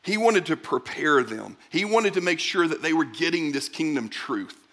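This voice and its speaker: A middle-aged man delivering a conversational sermon with a slightly high-pitched voice. He keeps it chatty and animated, slipping into quick acted-out voices to make his points. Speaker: pastor.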